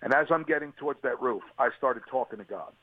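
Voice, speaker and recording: A man's voice: mid-range voice, fast talker, no room sound. A man, an interview guest, giving an earnest and emotional personal testimony on a radio call. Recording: tinny phone line, dry.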